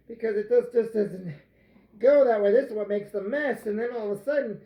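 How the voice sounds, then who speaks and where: A man's voice: high voice, animated, normal speed, pauses often, echoey room, muffled recording. A man making bread in his home kitchen, joking around and singing to himself while he kneads the dough. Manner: goofy, playful, jokes and sings while kneading dough. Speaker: home cook. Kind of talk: casual cooking vlog.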